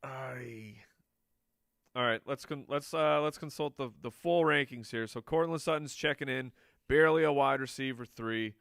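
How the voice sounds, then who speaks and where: A man's voice: medium pitch, moderate pace, vocal fry, a bit bright, no room sound, studio quality. A man answering viewer questions on a live show in a playful, chatty way, joking with the crew and laughing often. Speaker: fantasy football analyst answering viewer questions. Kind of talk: casual live Q&A.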